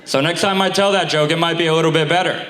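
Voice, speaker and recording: A man's voice: fairly high pitch, fairly even intonation, quick pace, noisy background. A young man from Staten Island with a slight lisp, performing a self-deprecating stand-up comedy set with casual asides to the crowd. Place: theater stage before a live audience. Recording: roomy live theater sound.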